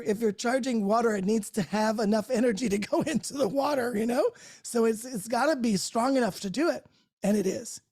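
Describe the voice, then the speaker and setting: A woman's voice: on the high side, dark tone. Chatty, laughing woman hosting a group call. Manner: chatty and effusive, laughs often, restarts words. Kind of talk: casual unscripted chat to a live group. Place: her own home, great room by a Christmas tree.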